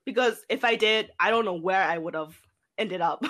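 A woman's voice: medium pitch, moderate pace, a bit bright. A young woman chatting casually among friends, laughing often as she talks. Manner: giggly, breaks into frequent laughter.

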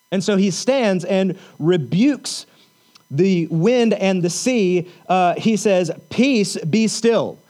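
A man's voice: sits high, a little mellow. A man preaching a sermon as pastor, earnest and repetitive, reading scripture and building to emphatic points. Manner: earnest preaching with repeated phrases.

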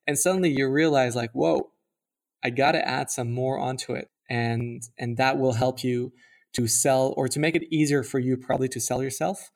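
Podcast co-host, young man, gravelly voice, loose rambling delivery with many fillers. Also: medium pitch, fairly even intonation, brisk. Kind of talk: casual chat.

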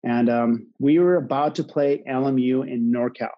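A man in his thirties who coaches college water polo tells a personal story to a live audience, his mid-range voice coming through with the highs cut off. He starts out halting, full of fillers and restarts, then grows animated.

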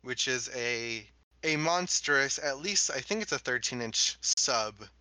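Bright-voiced young man, casual chat. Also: medium pitch, lively intonation, clean tone, no room sound, rough recording. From Los Angeles area. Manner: laid-back, many fillers, quick bursts.

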